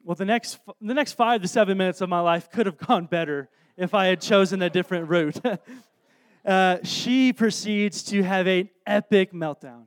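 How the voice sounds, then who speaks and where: Speaking at a moderate pace, a man in his thirties tells a story from the pulpit in his strikingly high voice. This preacher is lively and self-deprecating, comfortable with his congregation, and he often starts his sentences over.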